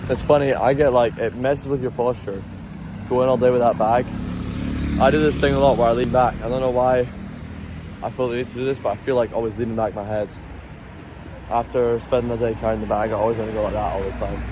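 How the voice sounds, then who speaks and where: A man's voice: mid-range voice, fairly even intonation, a little fast, noisy background. A man with a Scottish accent livestreaming from a phone on a city street at night, chatting casually and swearing often. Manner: chatty, swears a lot, talks to chat. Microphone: handheld phone.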